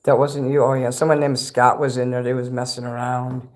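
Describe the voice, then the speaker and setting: A man hosts a casual livestream, talking at an ordinary middle pitch. He rambles from one thing to the next and swears freely. He gets excitable as he goes. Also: a little fast. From Chicago. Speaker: livestream host.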